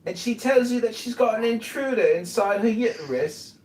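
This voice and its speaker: A man's voice: sits high, animated, moderate pace, a little mellow. A man co-hosting a casual livestream, talking in a mocking, sarcastic way. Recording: roomy, distant stream audio.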